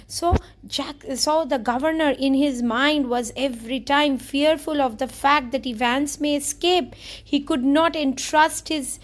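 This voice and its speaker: A woman's voice: sits high, fairly even intonation, a little slow. A woman teacher who reads a story aloud and then explains each passage in simpler words. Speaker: English teacher.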